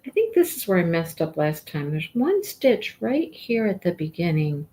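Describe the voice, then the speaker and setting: A woman's voice: big pitch swings, normal speed, mellow. A woman hosting a crochet livestream, chatting casually and rambling as she works her stitches. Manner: chatty, rambling, talks to her cat in a high baby voice.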